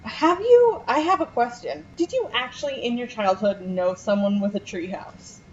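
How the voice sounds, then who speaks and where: A woman's voice: fairly high pitch, normal speed, a little mellow, lo-fi sound. A woman co-hosting a podcast in casual chat, playful and teasing, laughing often. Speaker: podcast co-host.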